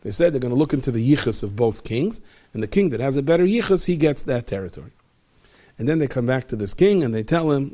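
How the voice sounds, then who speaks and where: A man, a rabbi, spins a long story for his students in a lively, chatty way. He slips in and out of the characters' voices as he goes. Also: medium pitch, fast talker. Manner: lively, conversational, acts out every character.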